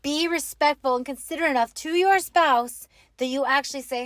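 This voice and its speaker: A married woman hosting a casual advice talk, opinionated and animated, acting out little quoted exchanges. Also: high voice, a little fast, hardly any pauses, dry recording. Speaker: host.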